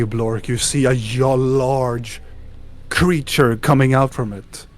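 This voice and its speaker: Slow guy running a tabletop game, describing stuff, restarts a lot. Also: medium pitch, fairly even intonation. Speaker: game master.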